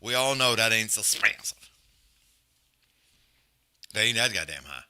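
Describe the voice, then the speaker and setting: A man's voice: fairly low pitch, a little slow. A man hosting a live fight stream, trash-talking in profane casual banter and calling the action. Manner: loud, profane, animated trash talk. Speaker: livestream host.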